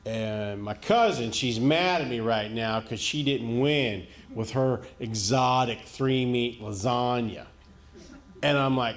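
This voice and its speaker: Slow, folksy stand-up comedian man. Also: mid-range voice. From rural United States. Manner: folksy, deadpan storytelling punctuated by chuckles. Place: comedy venue stage before a live audience. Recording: echoey live venue with loud audience laughter.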